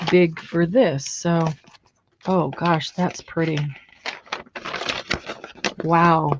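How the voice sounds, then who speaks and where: A woman hosts a craft livestream from her home craft room, her voice fairly low. She chats as she works, thinking aloud and admiring what she finds. The audio is dull and lo-fi, with faint noise behind her. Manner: chatty, admiring, thinks aloud while working. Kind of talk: casual craft chat.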